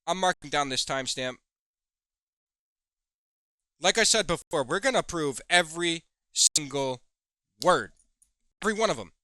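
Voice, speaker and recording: A man's voice: fairly high pitch, expressive, normal speed, pauses often, bright, forceful tone, no room sound. A man hosting a heated commentary video, reading chat logs aloud and swearing as he accuses someone. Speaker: commentary host.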